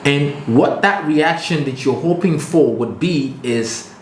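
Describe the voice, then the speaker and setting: Male co-host, higher pitch, coach-like and emphatic, roomy recording. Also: lively intonation, a little slow, slight background noise. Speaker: podcast co-host. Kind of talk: casual podcast chat.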